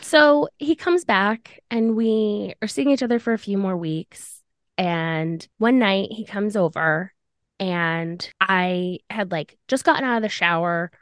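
A woman's voice: medium pitch, slow pace, clear, resonant tone, no room sound, studio quality. A young woman hosting a podcast, casually telling a personal story and acting out the dialogue. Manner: animated, acts out dialogue in quotes. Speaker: podcast host.

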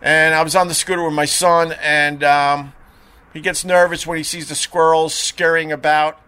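A man's voice: a little high, moderate pace, smooth. A middle-aged man hosting a live stream, telling rambling casual stories with lots of fillers and restarts. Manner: chatty, animated anecdotes with frequent fillers and restarts.

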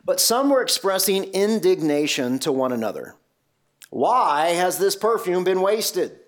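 A man preaching a sermon, telling a Bible story with lively rhetorical questions and shifting pace. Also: fairly high pitch.

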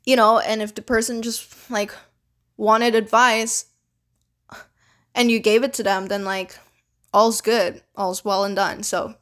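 A woman's voice: medium pitch, a bit bright. Blunt, swearing young woman vlogger. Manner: blunt, swears often, loose and chatty. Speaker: vlogger giving relationship advice. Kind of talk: casual advice rant.

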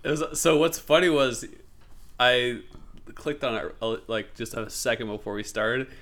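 Male co-host, mid pitch, casual, curious questions. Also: normal speed, fairly bright tone. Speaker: podcast co-host. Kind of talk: casual podcast interview.

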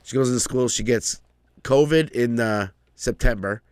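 A man's voice: medium pitch, moderate pace, a little mellow, clear, resonant tone, no room sound, clean studio sound. A middle-aged man hosting a podcast in casual banter, rambling, swearing freely and laughing often. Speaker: podcast host.

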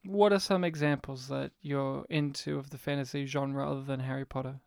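A man co-hosting a podcast in casual chat, animated and full of questions. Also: mid-range voice, a little fast, gravelly, smooth, dry recording, clean studio sound. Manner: animated, asks lots of questions. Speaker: podcast co-host.

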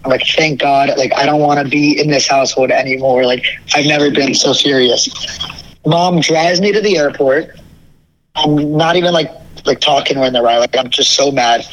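Young guy with a slightly high voice, telling a family story, chatty and animated, acts out the quotes. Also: normal speed, rough recording. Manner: animated, quotes people in dialogue. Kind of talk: casual storytelling.

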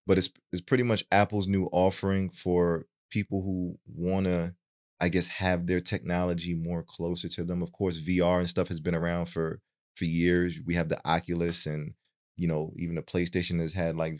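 Young male podcast co-host, deep and easygoing, casual and halting. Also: darkish tone. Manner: laid-back, many fillers and restarts.

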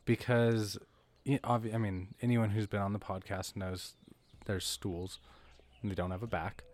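A young man hosting a casual podcast, laid-back, with short easy replies and relaxed chatter. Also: lowish voice, normal speed. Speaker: podcast host.

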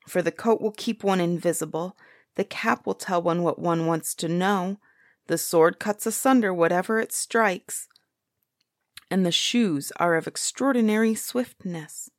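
A woman voicing a boastful, cowardly three-headed male giant in a storybook reading, booming and blustering. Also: a little slow, dry recording, studio quality, close to an everyday voice. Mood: grateful.

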